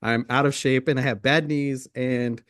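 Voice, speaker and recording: A man's voice: mid-range voice, fairly even intonation, normal speed, fairly bright tone, dry recording, studio quality. A man co-hosting a podcast, joking and teasing in casual banter. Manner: joking, teasing, laughs often. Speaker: podcast host.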